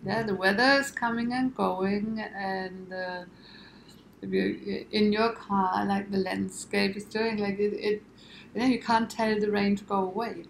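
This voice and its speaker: A woman's voice: mid-range voice, fairly even intonation, measured pace, vocal fry, roomy sound, a little hiss or hum. A woman guest in a conversational interview, explaining her ideas in a reflective way with lots of imagery.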